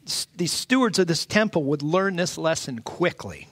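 A middle-aged man preaching a sermon as pastor, earnest and halting, often restarting his phrases. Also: on the high side, very animated, a bit bright, no echo.

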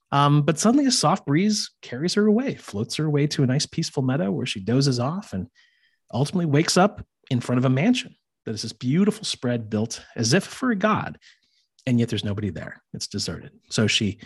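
Man, casual myth retelling, husky voice, lively pitch, chatty asides. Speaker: podcast host.

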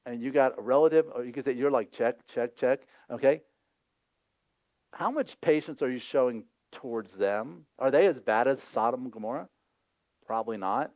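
A male pastor preaching a sermon in a lively, conversational way, acting out voices from the scripture scenes. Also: medium pitch, no echo, highs cut off.

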